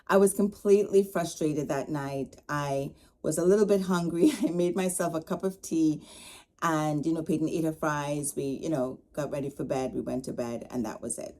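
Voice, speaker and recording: A middle-aged woman telling a casual story as a podcast host, animated, acting out the dialogue she quotes. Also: low voice, normal speed. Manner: animated, retells her upset with quoted dialogue.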